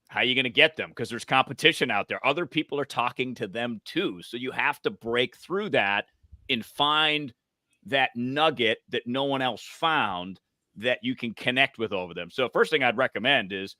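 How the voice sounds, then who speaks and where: Bright, punchy man giving advice. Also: medium pitch, moderate pace, no room sound. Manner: uses his voice up and down for emphasis. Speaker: podcast guest, voice coach. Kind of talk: conversational advice.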